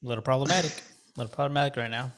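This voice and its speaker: Hesitant, low-key podcast guy. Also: racing. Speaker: podcast co-host. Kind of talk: casual chat.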